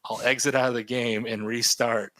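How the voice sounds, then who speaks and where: A man's voice: mid-range voice, normal speed, dry recording. A man in his thirties co-hosting a casual podcast, rambling animatedly about video games over a remote call. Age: 30s. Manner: rambling, animated gamer talk. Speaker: podcast co-host. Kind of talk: casual chat. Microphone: remote call mic.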